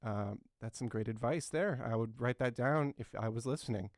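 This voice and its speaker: A man's voice: medium pitch, normal speed, no room sound, studio quality, close to an everyday voice. A man in his twenties playing an earnest, clueless talk show host who rambles and fills his talk with ums and uhs. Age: 20s. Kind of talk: satirical talk show comedy.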